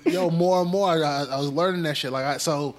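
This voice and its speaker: Animated Brooklyn man telling stories. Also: a little high, brisk. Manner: animated storyteller, slangy, acts out quotes. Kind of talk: casual chat.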